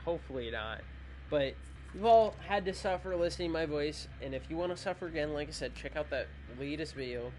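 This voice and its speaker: A man's voice: a little high, lively intonation, a little fast, a little mellow, a little hiss or hum. A tired man hosting a gaming channel, chatting loosely through his video outro in a rambling, self-joking way. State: sleepy, tired. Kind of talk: casual video outro chat.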